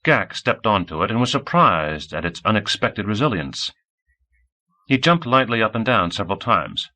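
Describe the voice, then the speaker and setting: Man reading a sci-fi audiobook, lively rise and fall, bright voice, measured. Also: fairly low pitch. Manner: measured storytelling. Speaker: audiobook reader. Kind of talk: audiobook narration.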